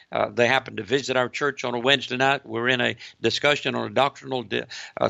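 Gravelly-voiced man preaching a sermon. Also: medium pitch, dry recording, muffled recording. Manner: repeats phrases for emphasis, addresses "ladies and gentlemen". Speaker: pastor.

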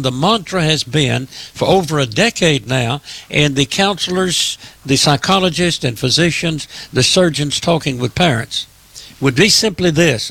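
An older man speaks in a gravelly, slightly raised voice. He delivers political commentary with a preacher's emphatic repetition. The recording is dry and close. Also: fairly high pitch, a bit bright, no room sound.

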